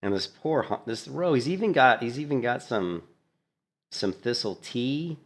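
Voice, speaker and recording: A man casually commentating on a gameplay clip, animated and mocking, laughing often. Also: mid-range voice, moderate pace. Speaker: gaming streamer.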